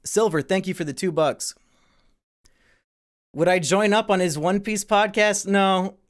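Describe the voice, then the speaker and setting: A man's voice: high voice, unhurried. A man streaming live and answering viewer questions in a crude, profane and sarcastic way. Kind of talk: casual livestream Q&A.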